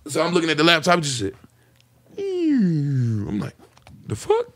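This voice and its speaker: A young man in casual podcast chat, telling a story in an animated way and acting out his own reactions. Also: a little high, measured pace, a little hiss or hum.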